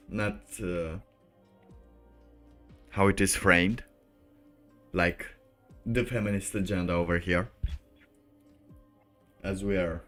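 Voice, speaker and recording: A male streamer talks through his commentary in a low, deep voice. He takes his time, circling back and restarting as his thoughts wander. A faint bed of music hums underneath. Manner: rambling, loosely strung thoughts. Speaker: livestream host. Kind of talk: livestream commentary.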